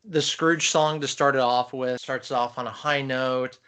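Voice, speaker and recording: A man's voice: medium pitch, fairly even intonation, unhurried, fairly bright tone, smooth. Enthusiastic man chatting about movies. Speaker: podcast co-host. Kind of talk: casual chat about films.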